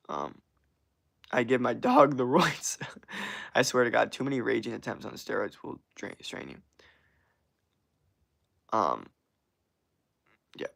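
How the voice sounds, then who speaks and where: A man's voice: medium pitch, creaky, a bit bright. Young male streamer; casual, rambling, swears a lot, slangy. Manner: rambling, profane, slangy, laughs often. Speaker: streamer answering chat. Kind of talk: casual livestream chat.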